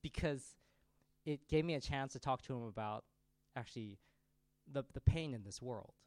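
A man in his thirties preaching a sermon, telling a family story in a conversational, animated way. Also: medium pitch, normal speed, dry recording.

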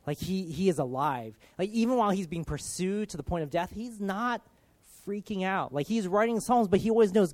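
A man giving an informal, conversational sermon, earnest and full of casual filler, swinging from loud emphasis down to soft, hushed lines. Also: high voice, lively intonation, fairly quick, no room sound. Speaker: preacher.

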